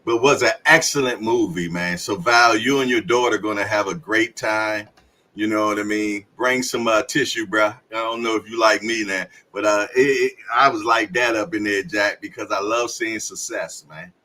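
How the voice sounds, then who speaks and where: Bright-voiced laughing podcast host man. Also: on the low side, poor audio. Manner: laughs often, drawn-out storytelling with slang fillers. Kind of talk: casual livestream chat.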